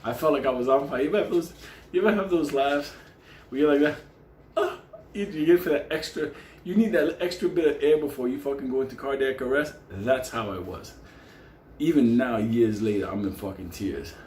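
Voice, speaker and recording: Laughing, swearing storyteller in an echoey room. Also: male voice, medium pitch, fairly quick, darkish tone, a little hiss or hum. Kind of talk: casual profane anecdote. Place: indoor room on camera.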